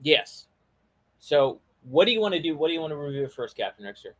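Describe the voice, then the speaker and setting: A man's voice: a little high, very animated, fairly quick, a bit bright. A man hosting a casual talk show, chatting loosely with plenty of fillers and restarts. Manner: rambling, friendly, many fillers and restarts. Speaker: podcast host. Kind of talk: casual chat.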